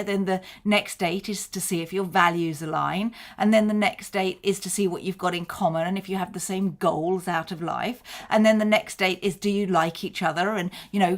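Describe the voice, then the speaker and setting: Woman coaching in a chatty way. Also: fairly low pitch. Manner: conversational, acts out short snippets of dialogue. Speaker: marketing coach. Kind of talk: explaining to camera.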